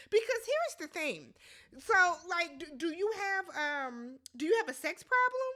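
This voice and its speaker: Woman doing a reality show recap, high bright voice, blunt, swears a lot, super expressive. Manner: animated and emphatic, blunt and profane, quick to mimic others. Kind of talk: casual recap commentary.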